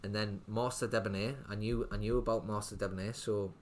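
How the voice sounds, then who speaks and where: Low-ish voiced guy in his thirties, chatty, rambling guest. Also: fairly even intonation, fairly quick, a little hiss or hum. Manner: rambling, full of fillers like "like". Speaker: guest, restaurant owner. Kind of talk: casual podcast interview.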